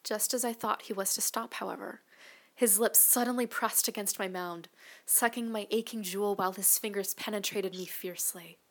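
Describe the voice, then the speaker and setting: A woman narrating an erotic audio story, mostly in a hushed, breathy whisper. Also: medium pitch, fairly even intonation, moderate pace. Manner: hushed, breathy, intimate delivery.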